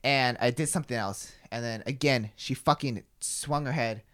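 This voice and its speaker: A man's voice: mid-range voice, normal speed, a bit bright, clean tone. A young man hosting a podcast, telling a story in casual chat, rambling, swearing freely and filling with "like". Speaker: podcast host.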